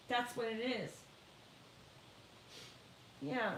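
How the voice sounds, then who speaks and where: A woman reading tarot on a live stream, reading card texts slowly and emphatically and chatting reassuringly with viewers. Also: a little high, reverberant, recorded from a distance, slight background noise, rough recording. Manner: reads card texts in a slow, emphatic, motivational tone. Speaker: tarot reader.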